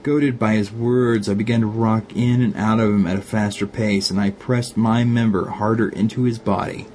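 A man with a Glaswegian accent reading an erotic story aloud, calmly narrating and voicing the lovers with light shifts. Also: fairly low pitch, moderate pace, a little hiss or hum.

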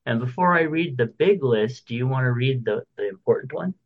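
A man's voice: medium pitch, expressive, a little fast, phone-quality sound. A man co-hosting a podcast in casual chat, reading out birthdays and listener messages. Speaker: podcast co-host.

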